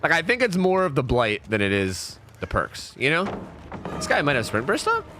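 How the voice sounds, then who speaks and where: A young man giving casual, jokey commentary while streaming a horror game, chatting and breaking into sudden high exclamations. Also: wildly swooping pitch, normal speed, background noise.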